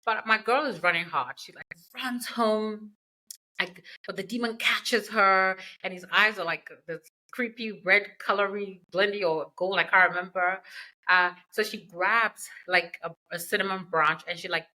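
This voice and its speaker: A woman's voice: mid-range voice, unhurried, bright, forceful tone, rough recording. Chatty woman recapping a book. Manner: chatty, slangy retelling with asides. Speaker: podcast host.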